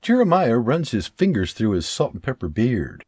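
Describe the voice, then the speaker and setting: A man narrates an audiobook in a steady storytelling manner. His voice is husky and his pitch roams widely. It sits dry and close, with no room sound. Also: normal speed, dry recording. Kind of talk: scripted narration.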